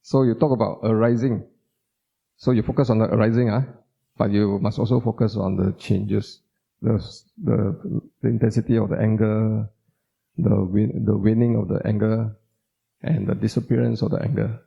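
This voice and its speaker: A doctor's Buddhist talk, informal in style, comes across in a fairly low, slightly rough male voice with vocal fry, a steady tone and normal speed. He repeats words to stress them and quizzes his audience. The recording is dull and lo-fi.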